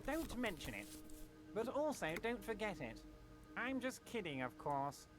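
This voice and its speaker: A man's voice: sits high, very animated, a little slow, music in the background, voice pushed up. A man putting on a smug syrupy union boss. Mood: smug reassuring. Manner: syrupy, falsely friendly, veiled threats. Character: smug scheming male union boss, middle-aged. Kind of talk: game dialogue read aloud on stream.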